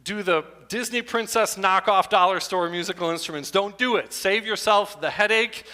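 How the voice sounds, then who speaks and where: Man in his fifties, stand-up comedy, animated jokey delivery, high voice, echoey hall. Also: moderate pace. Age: 50s. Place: church hall stage.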